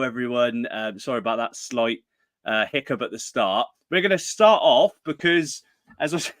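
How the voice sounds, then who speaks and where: A man's voice: a little high, a bit bright, dry recording. A man with a Northern English accent hosting a casual live stream, chatty and self-deprecating, often laughing. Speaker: host. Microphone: streaming setup.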